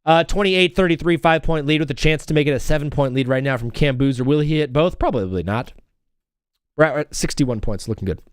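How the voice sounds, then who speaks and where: A man's voice: a little high, fast, clean tone, no room sound, studio quality. A young man hosting a casual live sports stream, rambling and joking while he calls game plays as they happen. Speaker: livestream sports host.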